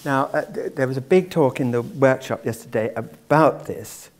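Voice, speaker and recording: A man delivers a public lecture to a live audience in a voice of ordinary pitch. He wanders through his subject and drops wry asides as he goes. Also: moderate pace.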